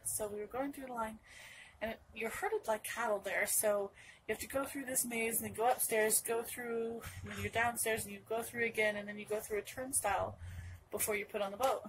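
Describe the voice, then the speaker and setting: A young woman vlogging straight to her camera, telling a story in a rambling, restart-heavy way with plenty of asides. Her voice sits a bit high. A faint hiss of noise runs under the recording. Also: fairly even intonation, a little fast, a bit bright, poor audio. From Northern California.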